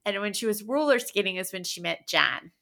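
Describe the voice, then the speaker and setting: A woman's voice: mid-range voice, expressive, a little fast, gravelly, sharp tone. A woman co-hosting a podcast, telling a story in casual chat and laughing often. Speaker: podcast co-host.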